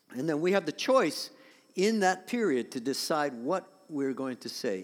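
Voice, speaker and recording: A male pastor giving a sermon in a conversational way, his voice growing louder for emphasis. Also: medium pitch, lively intonation, moderate pace, big-room sound.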